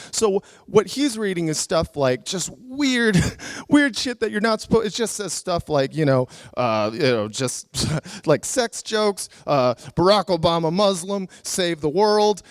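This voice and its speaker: A man's voice: high voice, dry recording, studio quality. A comedian telling a story live, chatty and self-mocking, with frequent fillers and laughs at his own jokes.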